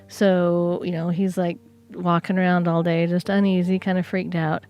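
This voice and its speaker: A woman's voice: fairly low pitch, little pitch movement, normal speed, darkish tone, faint music behind. A woman co-hosting a podcast, casually retelling a folk tale with chatty asides and fillers. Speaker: podcast co-host. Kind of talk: casual storytelling.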